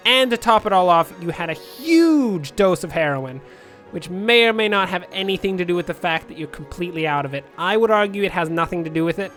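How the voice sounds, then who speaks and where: A man giving rambling, jokey commentary over a city-building game, with sudden shouted outbursts. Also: high-pitched. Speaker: let's play host.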